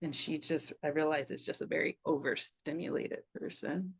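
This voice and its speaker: A woman's voice: sits low, fairly even intonation, normal speed, slightly rough. A middle-aged woman talking as a podcast guest in a loose, reflective way, laughing often and saying "like" a lot. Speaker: podcast guest, somatic practitioner. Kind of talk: casual reflective conversation.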